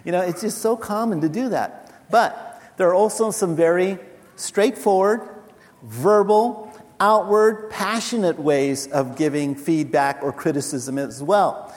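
A male pastor giving a sermon in an animated, conversational way with laughing asides. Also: sits high, a little slow. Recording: large hall reverb.

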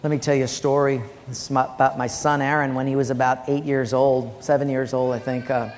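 A man preaching as a pastor, telling personal stories in an animated way and loudly acting out the voices in them. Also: medium pitch, brisk. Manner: animated storytelling with loud acted quotes. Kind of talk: sermon. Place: church sanctuary. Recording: long church-hall reverb, faint music.

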